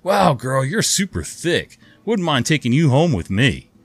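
A man voicing a cocky, overconfident man in his thirties making pushy come-ons, pitched a little above his own voice. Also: wildly swooping pitch, normal speed, fairly bright tone, faint music behind, heavily acted. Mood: smug.

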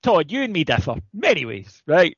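A man co-hosting a laid-back podcast, ribbing his co-host with wry, mock-serious teasing. His voice sits a little high. It sounds dry and close, through a dull lo-fi recording. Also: very animated, normal speed, fairly bright tone, husky, no echo. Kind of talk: casual chat. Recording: dull lo-fi audio.

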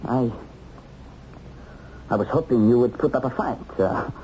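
A man's voice: mid-range voice, measured pace, mellow, a little hiss or hum, close to an everyday voice. An actor playing a man who has tracked down a war criminal, taunting and given to chuckles, on a dull old TV soundtrack. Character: male hunter of a war criminal, mocking then torn.

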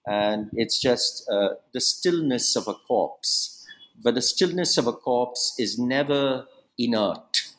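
Man, author interview, reflective, digressive, mid-pitched voice. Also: animated, slow, fairly bright tone, poor audio. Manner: reflective, many asides and restarts. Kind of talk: academic interview.

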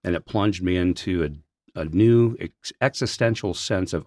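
A man's voice: deep voice, unhurried, no room sound, clean studio sound. A man who works as a senior pastor, telling a personal story on a podcast in an earnest, heartfelt way. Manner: earnest, heartfelt, animated in places.

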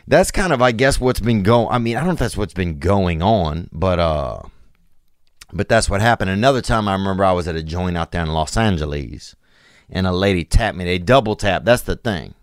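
A low-voiced man rambles through a comic story, stopping and restarting his sentences over and over. The sound is close and completely dry, with no room at all. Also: lively intonation, clear, resonant tone, no echo. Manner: meandering, halting, full of fillers and restarts. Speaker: podcast host.

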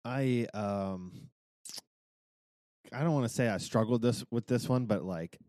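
A man's voice: mid-range voice, unhurried, warm tone, dry recording. A man co-hosting a podcast in casual chat, hesitant at first and then eager to explain. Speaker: podcast co-host.

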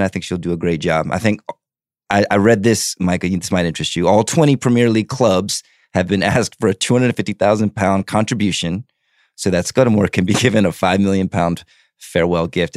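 A young man with a notably deep voice co-hosts a casual sports chat. He talks loosely, leans on "like" and drops the odd swear word. The sound is dry and close. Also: no room sound. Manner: relaxed, chatty, swears casually, frequent "like". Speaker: podcast co-host.

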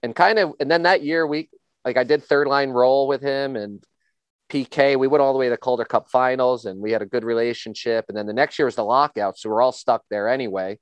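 A man's voice: medium pitch, fairly quick, clean tone, no room sound. A middle-aged man, a former hockey player, telling stories in a casual, rambling chat and often repeating words as he starts a sentence.

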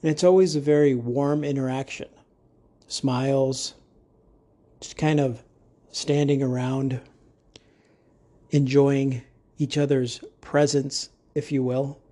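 A man's voice: medium pitch, level tone, slow, pauses often, warm tone. A man hosting a podcast, talking in a casual monologue with jokey, rambling asides. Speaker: podcast host.

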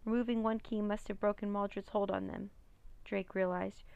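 A woman narrating a children's chapter book in a steady, plain reading voice on a close mic. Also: mid-range voice, moderate pace, creaky, smooth, no echo, dull audio. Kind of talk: storybook read-aloud.

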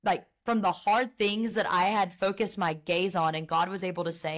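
A woman's voice: lowish voice, steady tone, normal speed, few pauses. Earnest young woman sharing her faith. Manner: earnest, heartfelt, many fillers. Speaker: podcast guest, author. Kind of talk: casual faith chat.

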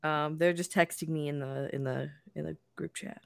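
Co-host on a podcast, gravelly fry, lots of ums, dry mic. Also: mid-range voice, fairly even intonation, normal speed, no echo. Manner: hesitant, filler-heavy replies. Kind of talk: casual chat.

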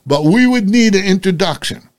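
A man's voice: sits high, lively intonation, moderate pace. An older man, a retired cop and private investigator, telling a story bluntly and salting it with curses. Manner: blunt, salty, acts out dialogue. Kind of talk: casual anecdote storytelling.

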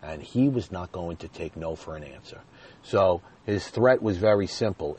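Low, husky man telling a story. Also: animated, moderate pace, dark tone. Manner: chatty, addresses viewers directly, chuckles while telling. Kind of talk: casual personal storytelling.

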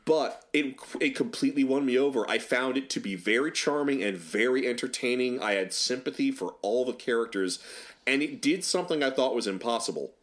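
A man in casual podcast talk about movies, opinionated and animated. His voice sits at an ordinary mid pitch and leaps higher for sarcastic asides. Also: a little fast. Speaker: podcast co-host. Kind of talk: casual film chat.

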